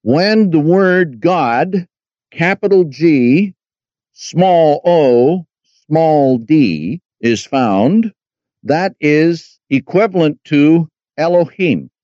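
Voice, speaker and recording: A man teaching a Bible study lesson, speaking deliberately and spelling words out letter by letter. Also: on the high side, mellow, no echo, dull audio.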